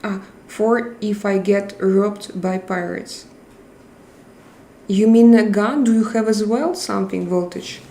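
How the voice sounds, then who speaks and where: A woman hosting a live stream, chatting casually and reading viewer comments aloud in a halting, chatty way. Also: mid-range voice, dark tone, a little hiss or hum. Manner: halting, chatty, laughs often. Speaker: livestream host. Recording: roomy echo.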